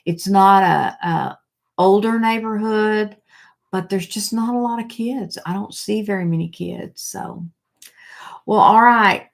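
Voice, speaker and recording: A woman's voice: mid-range voice, measured pace, gravelly. A middle-aged woman hosting a casual live chat, rambling and reading viewer comments aloud.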